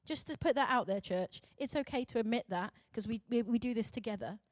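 Young British woman preacher, high voice, dry recording, lively and self-mocking. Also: a little fast, no room sound. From Britain. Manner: animated and chatty, acting out quotes, laughing at herself. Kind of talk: sermon.

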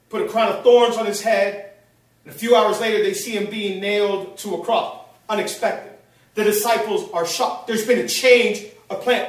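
Male pastor, fervent preacher, high voice, heavy room echo, mic at a distance. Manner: passionate, repeats phrases for emphasis. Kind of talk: sermon. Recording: very echoey room, voice from far off.

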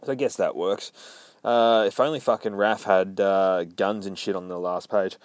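Profane, excitable man recapping a comic. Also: deep voice, normal speed, no echo. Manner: swears constantly, excitable, acts out lines. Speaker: comic book reviewer.

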